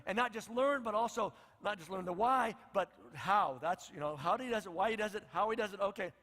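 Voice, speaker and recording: A man's voice: high-pitched, brisk, sharp tone, big-room sound. A male pastor preaching a conversational sermon, acting out the lines of the people in his story. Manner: conversational, acts out the disciples' lines.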